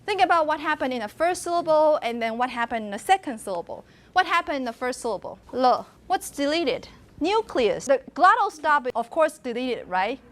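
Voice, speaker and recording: High-voiced woman lecturing. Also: sing-song, a little fast, few pauses. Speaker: university linguistics lecturer. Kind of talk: classroom lecture. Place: classroom.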